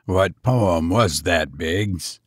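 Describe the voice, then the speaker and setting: A grim older banker, brooding and relentless, speaking low and deliberately slow, as a man plays him. His deep, dry lines come close on the mic in an old-fashioned audio drama. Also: no room sound, exaggerated voice.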